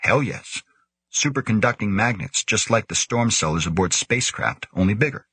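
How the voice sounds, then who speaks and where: A man's voice: lowish voice, expressive, moderate pace, pushed and bright, husky, no echo, heavily acted. A man reading the part of a sardonic, offhand older male biophysicist aboard a space station. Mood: wry.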